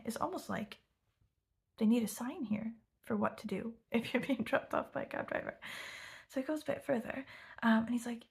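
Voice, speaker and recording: A woman's voice: on the high side, steady tone, moderate pace, darkish tone. A young woman chatting through a casual storytime vlog, half-whispering and peppering her talk with "like". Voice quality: breathy, gravelly. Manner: chatty, heavy use of "like", often half-whispered. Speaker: vlogger.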